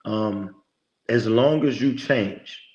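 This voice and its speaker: Homme au ton emphatique de prédicateur, son un peu étouffé. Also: male voice, fairly low pitch, takes it slowly, lo-fi sound. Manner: emphatic, preachy, lots of quoted self-talk. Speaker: podcast guest, motivational speaker. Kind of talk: conversational interview talk.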